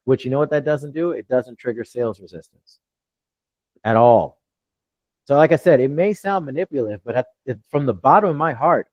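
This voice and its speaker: A man's voice: fairly high pitch, big pitch swings, brisk, darkish tone, no echo. A man coaching real estate wholesalers in a live Q&A, blunt and profane with brash confidence. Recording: dull lo-fi dry sound.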